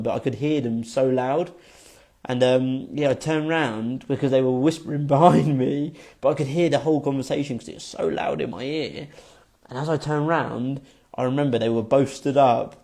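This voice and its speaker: Young guy, warm relaxed tone, casual rambling storyteller with lots of fillers. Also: mid-range voice. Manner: rambling, full of fillers and swearing. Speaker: vlogger.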